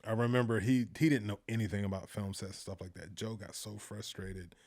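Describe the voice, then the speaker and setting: A man talking casually in an interview, telling lively anecdotes, acting out the voices of the people in them and laughing often. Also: on the low side, a little fast. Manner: animated storyteller, acts out quoted voices, laughs often. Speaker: filmmaker guest.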